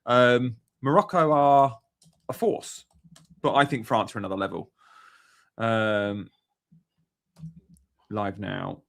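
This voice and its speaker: A young fantasy football streamer chats casually and upbeat on a live stream, reading out viewer comments as he goes. His mid-range voice is gravelly, and he takes it slowly with long pauses.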